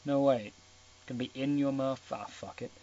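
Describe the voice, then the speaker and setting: A man's voice: medium pitch, moderate pace, dark tone, dull audio. Irreverent young man mocking a book aloud. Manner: irreverent, swears, mocks the text. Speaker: reader of a novel. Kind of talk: comic reading with asides.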